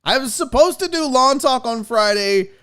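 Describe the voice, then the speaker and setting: A man's voice: very high voice, expressive, normal speed, sharp tone, clean tone. A man hosting a live podcast in a casual, rambling way, joking and swearing as he goes. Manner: rambling, jokey and profane. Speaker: podcast host.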